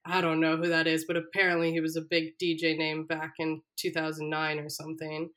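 A woman's voice: sits low, a little fast. A young woman casually chatting on a podcast, animatedly retelling a reality show and acting out the quotes with frequent laughter. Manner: animated storyteller, acts out quotes, laughs often. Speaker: podcast co-host.

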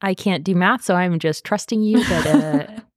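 Woman, podcast co-host, casual recap chat, animated, fillers, dry close sound. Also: on the low side, unhurried, no echo. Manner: animated, swearing, many "like" fillers.

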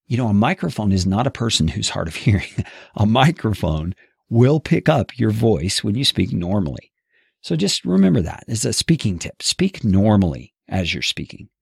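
Man, gravelly low voice, lively ups and downs, podcast instructor, dry close mic. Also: no room sound. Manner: expressive, animated delivery. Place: home studio, seated at a table. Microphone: studio mic on boom arm, close.

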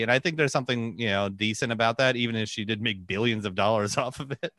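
A man's voice: mid-range voice, fast, hardly any pauses, bright, forceful tone, no echo, studio quality. A man co-hosting a podcast in casual chat, rambling and laughing often. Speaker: podcast co-host.

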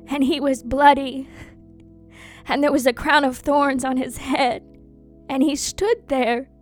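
A woman speaks in a high voice, slowly and with heavy pauses. She delivers a first-person dramatic monologue, anguished and intense, repeating phrases as she goes. Faint music plays quietly behind her. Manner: slow, anguished and intense, with many pauses and repetitions.

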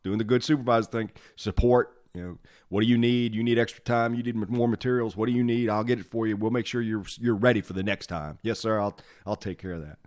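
A man hosting a podcast, a former fire officer telling old station stories in a lively way, acting out the quotes and laughing often. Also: fairly low pitch, quick pace, few pauses. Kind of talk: casual storytelling chat.

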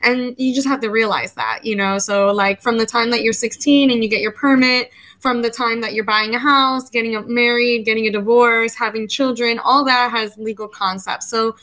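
A woman in her thirties from the United States talks as a guest in a relaxed interview. Her voice sits a little high and comes across bright and forceful. She tells her story with lively energy and often acts out her own earlier words. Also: moderate pace, poor audio. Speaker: podcast guest, legal educator. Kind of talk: casual interview conversation.

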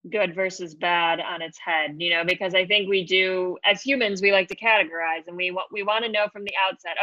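A woman's voice: on the low side, fairly even intonation, a little fast, few pauses, bright, forceful tone, no room sound, dull audio. A woman author talking about her book in an interview, thoughtful and loose with fillers. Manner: thoughtful, with many fillers and restarts. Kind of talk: interview chat.

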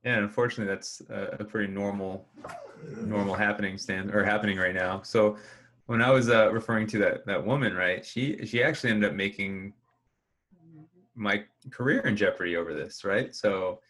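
A man with a fairly low voice talks through his emergency room experience in a relaxed podcast chat. He is measured and explanatory, and he readily agrees with his co-host. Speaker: emergency room healthcare worker.

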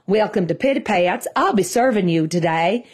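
A woman voicing a cheerful male waiter in his forties who puts on a thick Southern accent, speaking slowly and overly friendly. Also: high-pitched, expressive, voice pushed down. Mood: drawling, friendly. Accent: put-on Southern US. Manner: slow, drawn-out, overly friendly.

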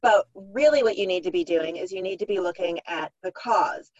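A woman's voice: lowish voice, moderate pace, dry recording, dull audio. Practical, explanatory woman guest. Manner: explanatory, practical, acts out parents' thoughts. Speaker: author and clinician guest. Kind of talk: podcast interview.

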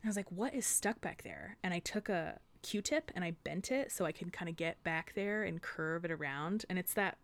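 A woman co-hosting a podcast, telling a story in a casual, animated way, full of swearing and acted-out quotes. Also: lowish voice, fairly quick, hardly any pauses. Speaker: podcast co-host.

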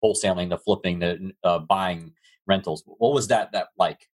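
A man's voice: low voice, moderate pace. A man hosting an interview, asking loose, rambling questions full of fillers. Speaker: interview host.

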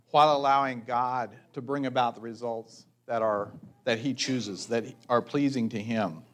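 A man preaching a measured, thoughtful sermon as a pastor, pausing for reflective asides. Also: medium pitch.

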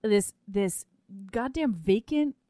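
A woman co-hosting a casual chat, sarcastic and profane, quick to laugh. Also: medium pitch, expressive, dark tone, no room sound, clean studio sound. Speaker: podcast co-host.

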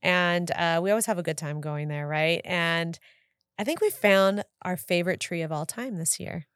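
A woman's voice: lowish voice, moderate pace, fairly bright tone, clear, resonant tone, no echo, clean studio sound. A woman in her thirties, co-hosting a casual chat show, who laughs often and acts out her kids' voices. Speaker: podcast co-host.

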